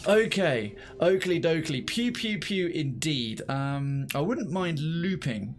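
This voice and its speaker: Male streamer, animated and sweary. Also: on the high side. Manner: animated, swearing, thinks aloud. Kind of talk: live gameplay commentary.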